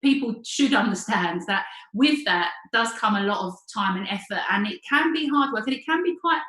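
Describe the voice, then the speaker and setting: This interviewer is a woman whose mid-range voice sounds expressive, bright and forceful at a normal speed. Hosting a casual conversation in an echoey space, she cheers her guest on, filling gaps with fillers and often starting sentences over.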